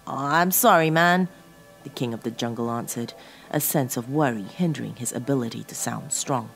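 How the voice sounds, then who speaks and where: A woman narrating a horror story in a slow, dramatic storytelling manner as host of her own show. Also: very deep voice, creaky, a little mellow. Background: faint music.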